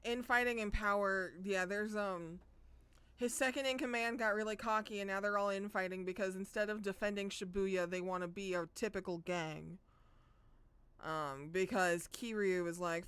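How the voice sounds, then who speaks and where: A woman's voice: medium pitch, steady tone, moderate pace, a bit bright, clear, resonant tone, no echo. Playful swearing woman streamer. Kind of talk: casual gameplay commentary.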